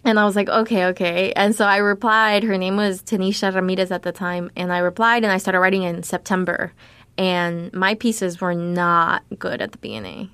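A woman's voice: medium pitch, fairly even intonation, moderate pace, fairly bright tone, clear, resonant tone, no echo. Woman from Nicaragua telling her story. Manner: casual, frequent fillers, laughs between thoughts. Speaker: guest writer. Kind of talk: personal storytelling in an interview.

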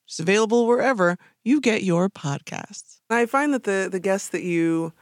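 A woman hosting a radio interview in a studio, with a smooth, friendly on-air delivery. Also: mid-range voice, animated, moderate pace, no room sound. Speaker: radio host.

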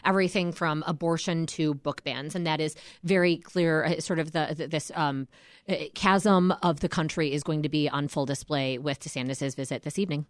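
A woman explains politics as a radio panel reporter, emphatic and animated. Her voice is on the lower side, and the sound is dry and close. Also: normal speed, no room sound. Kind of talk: news analysis chat.

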